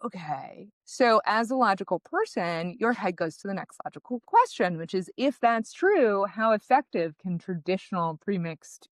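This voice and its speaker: A woman founder being interviewed, telling her story in a lively, conversational way and acting out what people said. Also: medium pitch, moderate pace, hardly any pauses, dry recording. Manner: animated, conversational, acts out quotes. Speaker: guest, founder.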